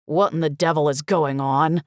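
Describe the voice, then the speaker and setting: A stunned husband, speaking low and dark with no room around the voice, as a woman reads him. His questions come out confused and heavy. Underneath it stays close to the reader's own plain tone. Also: steady tone, normal speed, no echo, natural voice. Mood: bewildered. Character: bewildered middle-aged husband, turning grim.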